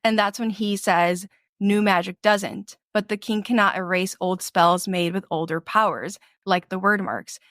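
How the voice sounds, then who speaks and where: A young woman co-hosting a book podcast, chatting casually with many fillers and lively retellings. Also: medium pitch, measured pace, dry recording, clean studio sound. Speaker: podcast co-host.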